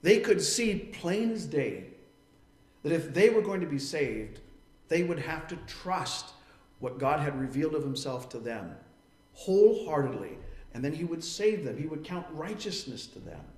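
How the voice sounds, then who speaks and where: A man's voice: on the high side, very animated, measured pace, darkish tone. Preaching man in an echoey room. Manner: earnest preaching, acting out quoted voices. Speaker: pastor. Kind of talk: sermon.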